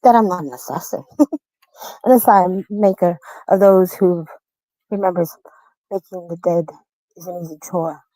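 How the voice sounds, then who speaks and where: A woman performing spoken-word poetry dramatically, swinging between loud bursts and low menacing murmurs over a streamed call. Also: moderate pace, long pauses, no echo, poor audio. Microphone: video call stream.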